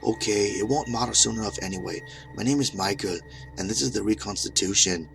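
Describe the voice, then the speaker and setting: A man voicing a frantic older male scientist with a thick Scottish accent, explaining things in a brisk, matter-of-fact way. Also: fairly low pitch, gravelly, fairly bright tone, soft background music. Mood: distracted.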